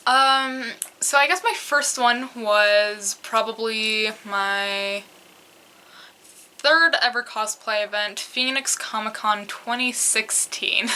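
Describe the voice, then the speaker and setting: A young woman tells her own story slowly and hesitantly, often breaking into laughter. Her voice is bright and a little high. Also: slight background noise. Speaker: cosplayer sharing a story. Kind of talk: casual storytelling chat.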